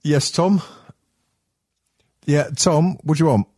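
A man's voice: fairly high pitch, slow pace, a little mellow. A middle-aged man hosting a podcast in a rambling, sweary, casual way, full of ums and restarts. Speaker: podcast host.

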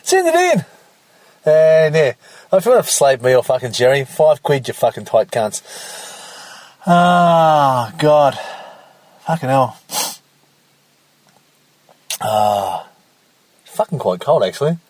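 A man's voice: medium pitch, expressive, takes it slowly, pauses often, darkish tone, no echo. A man hosting a solo podcast from his parked car, rambling and swearing constantly as he mocks his co-host. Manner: profane, rambling, mocking. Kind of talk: casual solo podcast monologue. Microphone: self-recorded in the car.

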